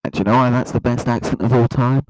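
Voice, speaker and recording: A man with a Nottinghamshire accent delivering a deadpan, rambling satirical monologue. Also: medium pitch, fast talker, no echo, poor audio. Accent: Nottinghamshire English. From Nottinghamshire, England. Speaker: comedy video host.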